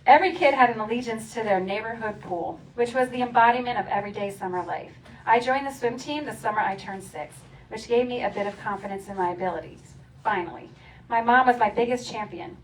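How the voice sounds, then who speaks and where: A woman with a fairly high voice reads her memoir aloud to a live crowd, playful and quick to laugh. She sounds a little distant from the microphone, with faint ambient noise from the outdoor event behind her. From Philadelphia area. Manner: playful, laughing, acts out chants and quotes. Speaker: author reading her memoir. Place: outdoor community celebration.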